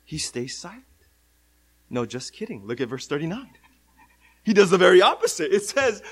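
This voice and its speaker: A man preaching with a lively, sweeping pitch that sits a little high for a man. He drops to near whispers, then rises to loud, stretched-out cries. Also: moderate pace, long pauses, husky, low-quality recording. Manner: animated, swings from hushed to loud cries. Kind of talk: sermon.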